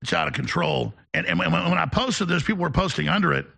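A man's voice: a little high, gravelly, bright, forceful tone, breathy edge. A man hosting a talk radio show, delivering an emphatic, ranting opinion monologue. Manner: emphatic, ranting, fast-talking.

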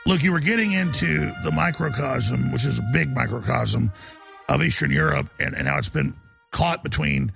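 A man hosting a talk radio show, urgent and emphatic as he pitches and interviews. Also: a bit bright. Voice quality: gravelly, husky.

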